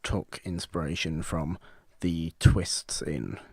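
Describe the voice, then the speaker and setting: A man co-hosting a podcast, talking about films casually, lively and acting out reactions. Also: low-pitched, slow, husky, no echo, studio quality. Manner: animated, acts out reactions, frequent restarts. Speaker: podcast co-host. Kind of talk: casual film chat.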